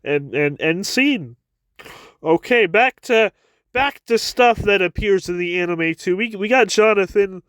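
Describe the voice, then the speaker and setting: A man's voice: high-pitched, unhurried, a bit bright, smooth, no echo. A man giving a casual chapter review with wry asides, often stammering and repeating his words.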